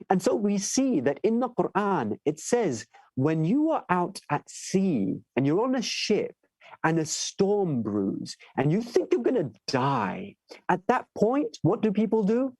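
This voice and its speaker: A man giving a sermon, telling stories with animated delivery and asking listeners "right?" as he goes. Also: sits high, unhurried, dry recording, poor audio. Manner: animated storyteller, acts out voices in tales. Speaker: shaykh giving a majlis lecture. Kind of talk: sermon with storytelling.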